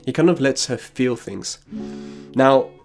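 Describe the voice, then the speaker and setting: A man's voice: mid-range voice, unhurried, darkish tone, faint music behind. A man giving casual, slangy commentary on an anime and telling personal anecdotes. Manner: casual and slangy, drops crude asides.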